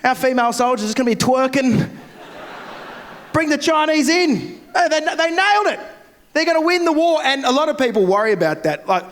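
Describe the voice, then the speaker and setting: A young Australian man tears through a crude stand-up set in a bright, high voice. He speaks into a handheld mic on a festival stage, and there is a faint noise bed behind him. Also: big pitch swings. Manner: brash, crude, rapid-fire. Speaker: stand-up comedian.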